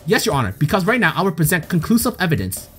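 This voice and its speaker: A man's voice: high-pitched, big pitch swings, rapid-fire, fairly bright tone. A man voicing a sly female reporter defending a case in court, with a smug, theatrical delivery. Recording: faint game music behind.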